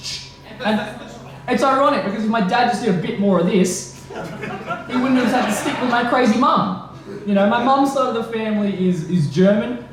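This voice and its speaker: A young man doing a nervous first stand-up set, halting with fillers. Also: sits high. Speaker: stand-up comedian. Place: comedy venue with audience. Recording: very echoey room, faint background noise.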